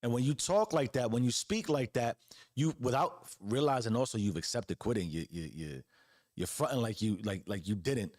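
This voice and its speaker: Earnest and preachy, a host in his forties delivers a motivational monologue full of casual slang and repeated phrases. He speaks at normal speed in a mid-range, slightly mellow voice with lively intonation, recorded on a close podcast mic with clean studio sound and no room sound.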